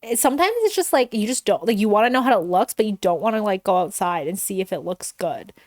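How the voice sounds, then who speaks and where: A woman's voice: medium pitch, expressive, quick pace, no room sound, clean studio sound. A woman in her twenties, co-hosting a podcast in casual chat, hesitant and full of fillers. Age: 20s. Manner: hesitant, filler-heavy, laughs easily. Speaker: podcast co-host.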